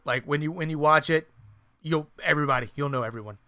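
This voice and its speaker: A casual podcast co-host who rambles through thoughts, full of fillers, restarts and easy swearing. The voice sits at an ordinary middle pitch and breaks into laughs often. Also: quick pace, bright, forceful tone. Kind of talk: casual chat about horror movies.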